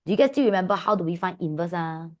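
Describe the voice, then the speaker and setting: A woman with a Malaysian English accent teaching an online maths class, calling her students "my dear" and asking them quick questions. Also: on the low side. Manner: affectionate, calls students "my dear"; lively, asks many quick questions. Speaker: maths tutor.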